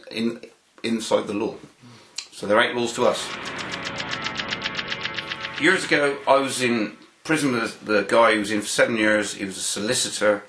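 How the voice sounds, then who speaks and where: A man's voice: medium pitch, fairly bright tone, reverberant, poor audio. A man giving an interview, telling a long anecdote in a rambling way, with many restarts and fillers. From United Kingdom. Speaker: interview guest.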